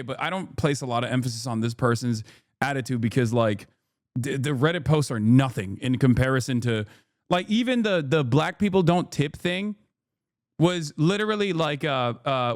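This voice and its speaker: A man streaming casual commentary, incredulous and profane, with frequent loud exasperated outbursts. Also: on the high side, dry recording, studio quality. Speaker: streamer reacting to news.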